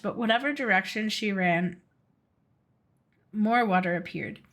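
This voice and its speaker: A woman streamer reading a storybook aloud from a game, steady with small slips and restarts. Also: medium pitch, measured pace.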